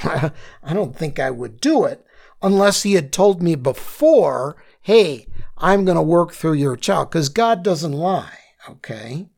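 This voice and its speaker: A slow-speaking man leads a Bible study lesson with a gravelly, creaky voice. He tells listeners what to underline and circle, often checking in with "okay?". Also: fairly high pitch.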